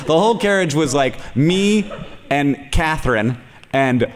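A man's voice: a little high, animated, unhurried, in a large hall, a little hiss or hum. A man in his forties hosting a live podcast on stage, telling rambling jokey stories and laughing often. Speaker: podcast host. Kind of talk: casual live podcast chat.

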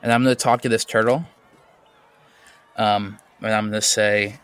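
A man playing a tabletop game in a deliberate, scheming way. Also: fairly low pitch, little pitch movement, fairly bright tone, smooth. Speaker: player.

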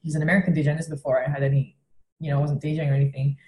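A woman's voice: low voice, flat delivery, very fast, warm tone. An Australian woman from Western Australia, a young comedian animatedly telling a story in a casual chat, swearing freely and acting out quotes. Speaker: comedian guest. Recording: roomy echo.

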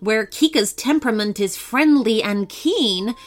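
A woman voicing a wicked female witch who chants her spells in slow, gloating, sing-song rhymes. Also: on the high side, animated. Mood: scheming.

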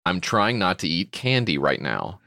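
A middle-aged man co-hosting a podcast, chatting casually in a rambling, jokey, animated way. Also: sits low, moderate pace, gravelly, no room sound, studio quality. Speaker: podcast co-host. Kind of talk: casual chat.

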